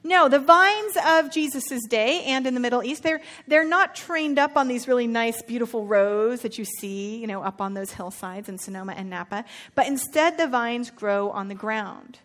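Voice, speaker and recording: A woman teaches from the pulpit in a loose, chatty way, slipping into casual slang as she acts out the characters of a parable. Her voice sits a little high, and she moves between explaining and animated retelling. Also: moderate pace, few pauses. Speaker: preacher.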